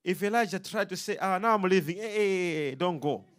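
A man's voice: high-pitched, fairly quick, fairly bright tone. A man preaching a sermon, emphatic and rhythmic, throwing questions out to his congregation.

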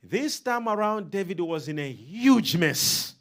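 Preacher, male, high and lively voice, leads call-and-response, emphatic swings from loud to soft. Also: a little slow.

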